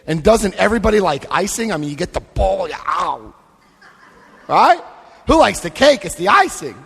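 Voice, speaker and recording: A man giving a lively recovery talk to a live convention audience, acting out scenes and voicing quotes. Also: high-pitched, moderate pace, vocal fry, breathy edge. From United States. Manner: animated, acts out scenes, shifts voice for quotes. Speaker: AA convention speaker. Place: convention hall. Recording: long hall reverb.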